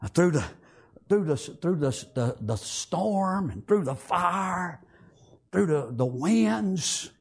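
High gravelly man, husky, impassioned preacher, folksy grammar, loud to hushed. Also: big pitch swings, takes it slowly. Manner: impassioned, swings from loud pleading to hushed tones. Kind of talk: emotional sermon storytelling.

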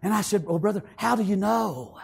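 Male preacher, high voice, fervent, keeps saying praise god, bursts into shouts. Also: lively intonation, fairly quick, gravelly, husky. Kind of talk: sermon.

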